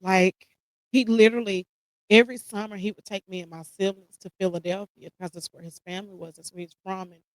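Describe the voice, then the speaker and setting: A woman's voice: medium pitch, steady tone, brisk, dry recording, low-quality recording. Emotional woman sharing a personal story. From United States. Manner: emotional, holding back tears; casual, addresses listeners as y'all. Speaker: podcast host. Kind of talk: personal reflective monologue.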